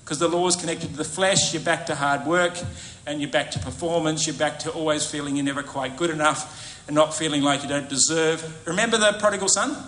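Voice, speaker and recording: Bright-voiced preacher in an echoey church. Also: male voice, a little high, a little hiss or hum. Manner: animated, asks the congregation questions. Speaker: pastor. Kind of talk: sermon.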